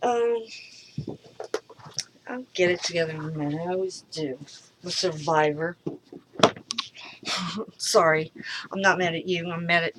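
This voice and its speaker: A middle-aged woman in a rambling personal monologue, frustrated, halting, swearing freely and trailing off. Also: lowish voice, background noise. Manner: halting, with many pauses and fillers. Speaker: vlogger.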